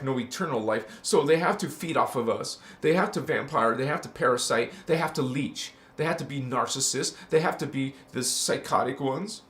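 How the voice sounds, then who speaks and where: A spiritual channel host preaches in a livestream sermon, his voice fairly high and fairly bright. His talk is impassioned yet casual; he calls listeners "honey" and breaks into chanted syllables.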